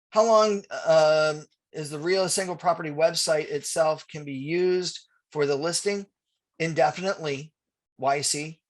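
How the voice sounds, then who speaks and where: A middle-aged man teaching real estate agents, telling a story with quoted dialogue and answering viewer questions. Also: a little high. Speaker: real estate marketing trainer. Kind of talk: webinar presentation with anecdote and Q&A.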